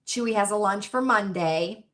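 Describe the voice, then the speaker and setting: Chatting casually with livestream viewers as she reads their messages, this Virginia host has a faint Southern lilt and keeps checking in with "right?" and "you know what I mean?" She speaks at a moderate pace in a medium-pitched, fairly bright voice.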